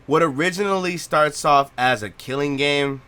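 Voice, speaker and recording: A man's voice: a little high, moderate pace, pushed and bright, clear, resonant tone. A young man hosting a let's play, giving a blunt, profane, repetitive rant about a game from his home gaming setup. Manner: blunt, profane, repeats himself when ranting. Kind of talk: gameplay reaction rant.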